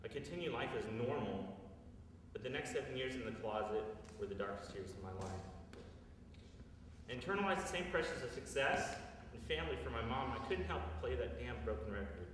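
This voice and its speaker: A man's voice: medium pitch, expressive, a little fast, fairly bright tone, slight background noise. A man in his thirties telling a personal story in an earnest, confessional way at a live storytelling show. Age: 30s. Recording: echoey live hall from far off.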